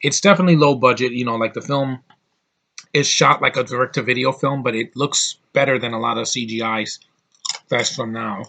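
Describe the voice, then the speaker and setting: A man's voice: mid-range voice, fairly even intonation, brisk, creaky, pushed and bright. A man giving a casual, rambling movie review, with lots of fillers and restarts.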